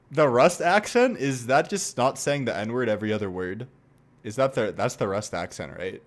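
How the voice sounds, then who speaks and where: A young man streaming, reacting in casual commentary, animated, laughing and swearing as he mocks gamer voices. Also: medium pitch, moderate pace.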